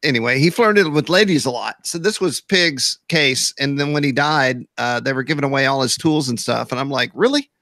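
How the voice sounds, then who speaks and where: A man's voice: medium pitch, moderate pace, few pauses, sharp tone, dry recording, clean studio sound. A middle-aged man co-hosting a casual hobby chat, joking and rambling through stories. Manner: jokey, rambling storyteller. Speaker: co-host.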